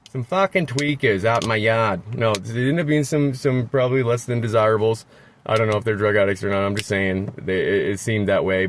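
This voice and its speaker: A man's voice: lowish voice, a little hiss or hum. Profane man ranting in a lot. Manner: rambling, profane, sarcastic ranting. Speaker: vlogger. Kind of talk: ranting vlog. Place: outdoors in a parking lot.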